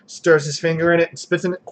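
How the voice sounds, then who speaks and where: A man's voice: fairly high pitch, fairly even intonation, fairly quick, slight background noise. A man narrating a tabletop game as game master, loose and chatty, with filler words.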